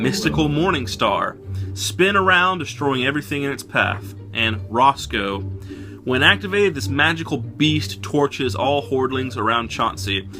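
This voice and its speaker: A man's voice: mid-range voice, bright, forceful tone. A man casually showing off his retro game collection on video, with wry, joking asides.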